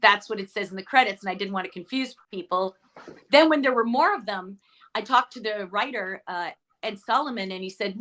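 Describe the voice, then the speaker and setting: A middle-aged actress guest telling stories in a chatty interview, often correcting herself mid-sentence. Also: female voice, mid-range voice, a little fast, bright, forceful tone. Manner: chatty, storytelling, self-correcting. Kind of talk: casual interview chat.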